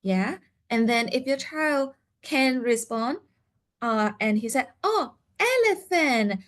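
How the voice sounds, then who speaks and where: A woman's voice: fairly high pitch, slow pace. A woman teaching a seminar for parents, explaining step by step with many fillers and acting out what parents and children might say.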